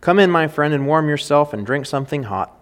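Gentle old cobbler, humble and kind, read by a man in his own voice; storybook reading. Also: on the high side, animated, fairly quick, pitched above the performer's own voice, lightly acted.

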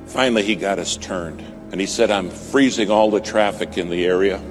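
Low-voiced preacher telling a story over music. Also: male voice, normal speed. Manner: dramatic swings from loud to hushed. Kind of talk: sermon storytelling. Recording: music bed behind voice.

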